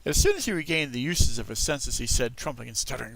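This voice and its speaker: A man narrating a classic children's story in an expressive storybook style, talking to young listeners. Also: mid-range voice, quick pace, vocal fry, no room sound. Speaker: audiobook reader.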